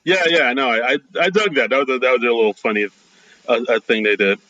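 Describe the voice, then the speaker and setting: A man co-hosting a podcast, recapping movie plot in a relaxed, loose way with many fillers. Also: medium pitch, fast talker, dry recording, lo-fi sound. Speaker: podcast co-host. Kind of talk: casual movie discussion.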